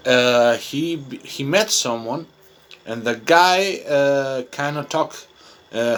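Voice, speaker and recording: A man's voice: mid-range voice, a bit bright. Rambling Chilean man teaching English. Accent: Chilean Spanish. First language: Spanish. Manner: rambling, talkative, hesitant with many fillers. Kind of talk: improvised self-recorded monologue.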